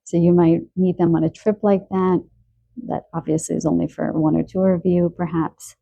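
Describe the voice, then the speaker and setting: Mellow low-voiced woman giving a card reading. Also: little pitch movement, moderate pace, creaky, dry recording. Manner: musing, stream-of-consciousness, frequent soft laughs. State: stuffy nose from a cold. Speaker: tarot card reader. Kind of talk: intuitive card reading to camera.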